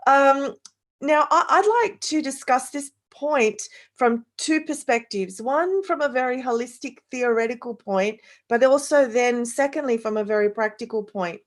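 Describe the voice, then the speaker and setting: A woman's voice: fairly high pitch, lively intonation, moderate pace, hardly any pauses. A woman with an Australian accent, speaking as a panelist in an online discussion, earnest and structured. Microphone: video call.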